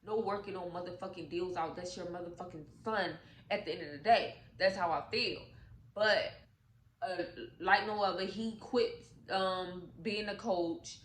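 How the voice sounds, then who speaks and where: A woman casually retelling a movie's plot to her viewers, talking in AAVE with animated, profane asides. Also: lowish voice, a little slow, reverberant, a little hiss or hum, rough recording. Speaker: YouTube storyteller.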